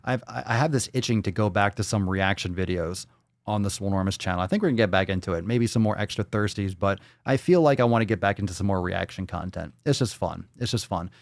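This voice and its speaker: A man's voice: fairly low pitch, fast, creaky, no echo, studio quality. A man hosting a fitness show, reacting bluntly and crudely to a clip in profane live-stream commentary.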